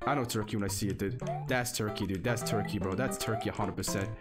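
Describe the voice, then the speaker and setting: A young man streaming flash games live, excitable and repetitive, swearing often and jumping between flat mutters and sudden high outbursts. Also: quick pace, loud music behind the voice. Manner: excitable, repetitive, swears, lively swings in pitch. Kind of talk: live game stream commentary.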